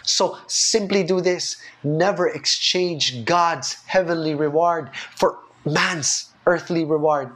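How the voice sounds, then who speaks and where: High-voiced man preaching with fervor. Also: slow, few pauses. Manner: earnest and animated, repeating key phrases. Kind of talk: sermon.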